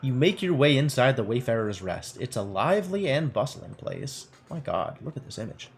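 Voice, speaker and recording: Lively playful man streaming a game. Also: medium pitch, normal speed, slight background noise. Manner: playful and wry, thinking aloud. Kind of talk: reading a text game aloud with casual commentary.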